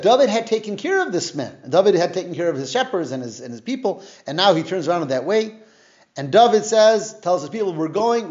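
A man's voice: a little high, darkish tone. Man teaching a Bible class, lo-fi. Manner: retells the story conversationally, weaving in Hebrew terms and explaining them. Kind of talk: casual Bible lesson, retelling and explaining verses.

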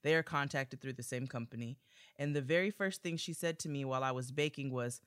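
Brief: young woman podcast host, bright forceful tone, dry close sound, playful letter reader. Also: a bass voice, a little fast, clear, resonant tone, no echo. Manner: animated and playful, reading listener letters aloud with commentary. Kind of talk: casual chat.

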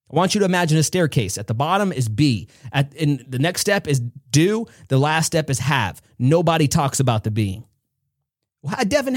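A man's voice: on the high side, no echo, studio quality. A man hosting a motivational podcast, telling stories with emphatic, shifting delivery. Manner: emphatic storytelling, speeds up and slows. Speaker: podcast host. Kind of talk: motivational monologue.

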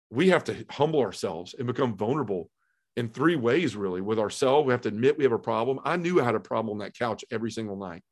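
A middle-aged man earnestly telling his personal testimony in conversation, acting out the voices he quotes and dropping to a hush at emotional moments. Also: mid-range voice.

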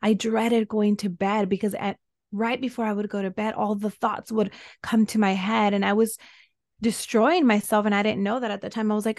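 A woman's voice: mid-range voice, normal speed, no room sound, clean studio sound. A woman coach, a guest on a podcast, recounting a painful stretch of her life in an earnest, emotional way. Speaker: guest, women's soul embodiment coach. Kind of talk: personal storytelling in a podcast interview.

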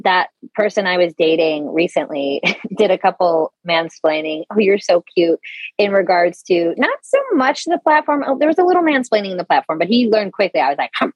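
Low-voiced woman guest, dry dull sound. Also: brisk, few pauses, no echo. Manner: animated, casual, swears. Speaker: podcast guest, founder. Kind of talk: casual conversational interview.

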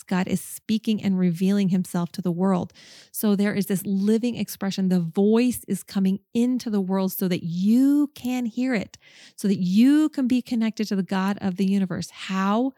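A woman's voice: medium pitch, dark tone, no echo, studio quality. Earnest woman teaching a Bible study. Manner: earnest, enthusiastic, emphatic. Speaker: podcast host. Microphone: microphone.

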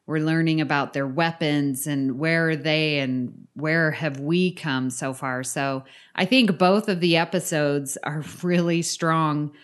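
Low-voiced, enthusiastic woman co-host. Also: fairly even intonation, measured pace, few pauses, smooth. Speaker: podcast co-host. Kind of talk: casual podcast chat.

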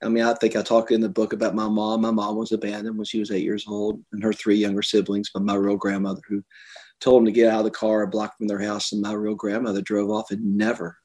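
A middle-aged man, an author being interviewed, telling personal stories earnestly and getting animated when he quotes others. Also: lowish voice, fast talker. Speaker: author and guest. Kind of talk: conversational interview.

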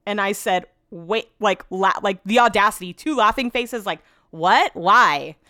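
A woman's voice: mid-range voice, normal speed, a bit bright, no echo, clean studio sound. A woman hosting a podcast, telling a story in a casual, rambling way, full of "like"s and frank swearing. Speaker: podcast host.

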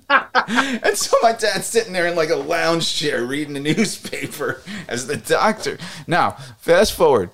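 A man co-hosting a podcast, telling a casual story with animated asides and frequent laughter. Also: a little high, slow, pauses often. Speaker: podcast co-host.

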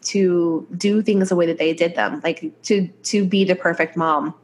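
A woman's voice: on the low side, fairly even intonation, unhurried, slight background noise. A woman chiropractor co-hosting a podcast, chatting easily and laughing, her voice stuffy from a cold. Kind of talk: conversational podcast chat.

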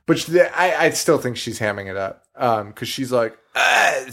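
A man's voice: mid-range voice, lively intonation, moderate pace. A man co-hosting a horror podcast, recapping a movie in casual chat, swearing freely, laughing often and acting out the characters' lines. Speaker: podcast co-host.

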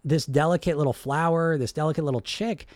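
Man, weight-loss coach, casual motivational talk, swears, lively, fairly high voice, dry sound. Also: a little fast, no echo. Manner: animated, swears freely, many fillers like "right?".

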